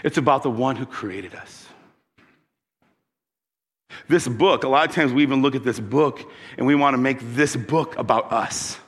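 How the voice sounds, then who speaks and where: A man's voice: mid-range voice, moderate pace, long pauses, slightly rough. Man preaching a story-filled sermon in a reverberant hall. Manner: conversational preaching with personal stories, asks the congregation questions. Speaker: pastor.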